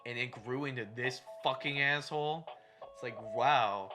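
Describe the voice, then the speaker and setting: A man's voice: medium pitch, moderate pace, over music. A man co-hosting a podcast in casual chat, recapping a movie in a profane, ranting way. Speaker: podcast co-host.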